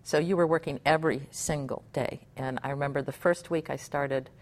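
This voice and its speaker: A middle-aged woman from Hawaii, a puppeteer being interviewed, chatting in an animated way and laughing often. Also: deep voice, brisk. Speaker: puppeteer guest. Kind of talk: conversational interview.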